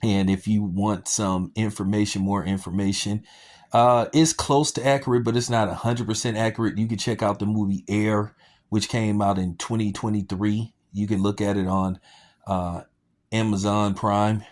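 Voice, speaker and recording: Low-voiced rambling sneaker vlogger man. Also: flat delivery, moderate pace, a little mellow. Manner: rambling, joking and sarcastic, with many fillers. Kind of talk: casual chat.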